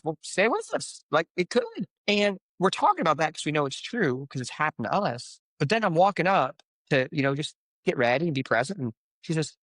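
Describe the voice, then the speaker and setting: A man's voice: on the high side, big pitch swings, normal speed, hardly any pauses, a bit bright, dry recording. A man, a coach, speaking as a podcast guest, telling stories and giving life advice in an earnest, motivational way. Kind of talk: conversational podcast interview.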